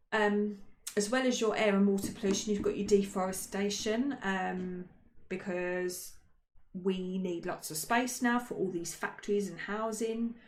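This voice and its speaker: A woman with a mid-range voice co-hosts a casual history podcast, joking, chatting, and filling gaps with ums and self-corrections. She shares an indoor room with her co-host, and the recording has a roomy echo plus a little hiss or hum.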